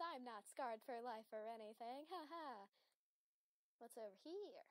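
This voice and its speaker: A woman chats her way through a video game, reacting aloud and giggling often. Her voice sits a little high. The recording is dry and close. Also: expressive, normal speed, no room sound. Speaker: let's player. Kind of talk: casual game commentary.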